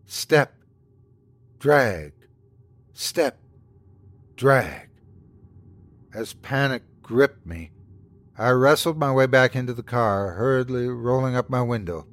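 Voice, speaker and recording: A male storyteller reads a scary story in a slow, hushed way that builds suspense. His voice sits at a middle pitch for a man. He is the host and narrator of the show. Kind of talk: scripted horror story narration.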